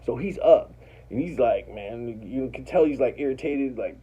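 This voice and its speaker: A man's voice: medium pitch, moderate pace, breathy edge, phone-quality sound. A man casually telling a personal story, rambling and profane, acting out what others said. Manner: rambling, profane, animated retelling with quoted voices.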